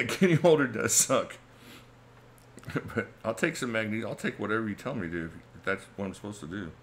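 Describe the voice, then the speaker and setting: Deep-voiced laid-back man chatting live. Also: a bit bright, a little hiss or hum. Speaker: livestream host. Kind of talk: casual live chat reading comments.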